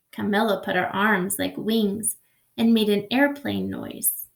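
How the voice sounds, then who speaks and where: Teacher lady reading a storybook to kids, slow, echoey room, asks em questions. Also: mid-range voice, vocal fry. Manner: expressive, asks the children questions. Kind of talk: reading a picture book aloud to a class.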